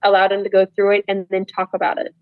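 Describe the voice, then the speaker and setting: A woman's voice: medium pitch, monotone, quick pace, no echo, low-quality recording. A young woman speaks as a podcast guest, earnest and candid. She circles back and restarts often. The room sound is dry and close. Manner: earnest, repetitive, with restarts and "like" fillers. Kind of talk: candid conversational advice.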